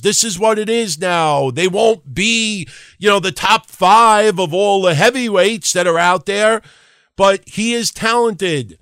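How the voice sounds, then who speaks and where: A man hosting a solo wrestling podcast, ranting in an animated, profane way at a desk microphone and mocking people in put-on voices. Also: a little high, normal speed, dry recording, clean studio sound. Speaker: podcast host.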